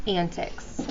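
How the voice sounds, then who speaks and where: A woman's voice: fairly low pitch, noisy background. Woman teacher reading aloud to her class. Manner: brisk, hushes the class often. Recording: dull lo-fi classroom recording.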